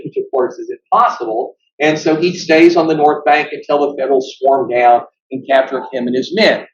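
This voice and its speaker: Man, high-pitched, lively lecturer acting out quotes; echoey, dull room sound. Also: normal speed, hardly any pauses. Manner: animated storyteller, acts out quotes. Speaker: guest speaker. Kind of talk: history lecture. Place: meeting hall.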